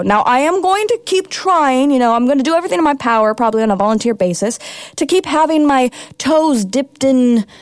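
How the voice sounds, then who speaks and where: A woman's voice: fairly high pitch, dry recording, studio quality. A young woman in her twenties hosting her college radio show, talking in a bubbly, emotional, rambling way. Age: 20s. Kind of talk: casual radio talk. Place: radio studio.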